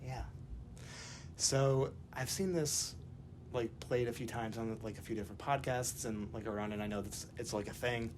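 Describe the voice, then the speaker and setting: Man, podcast co-host, casual chat, animated storytelling, mid-pitched, faint hiss behind. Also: normal speed. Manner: animated storyteller, acts out excited quotes.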